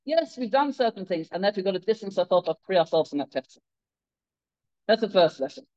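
A man's voice: sits high, fast, muffled recording. A man giving a sermon, telling stories and acting out the people in them, with many restarts. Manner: animated, acts out quoted characters, many restarts. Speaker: rabbi giving a Torah talk. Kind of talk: sermon with storytelling.

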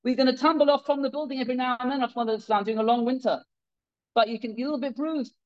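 A man's voice: very high voice, very fast, muffled recording. A man giving a sermon, telling stories and acting out the people in them, with many restarts. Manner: animated, acts out quoted characters, many restarts. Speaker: rabbi giving a Torah talk. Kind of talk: sermon with storytelling.

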